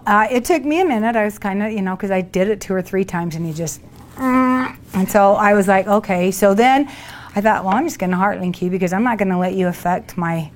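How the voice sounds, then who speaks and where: Chatty woman telling stories to a group. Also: medium pitch. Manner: chatty, animated, laughs while acting out her own past words. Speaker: workshop leader. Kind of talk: storytelling talk to a group.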